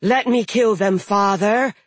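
A fierce giantess eager to kill, played by a male narrator who pushes high and loud into a slow, husky growl. She sounds like a storybook brute. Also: dry recording. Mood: bloodthirsty.

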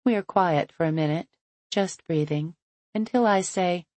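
A woman's voice: lowish voice, measured pace, darkish tone, no echo. A woman narrating a first-person romance audiobook in an intimate, playful storytelling manner.

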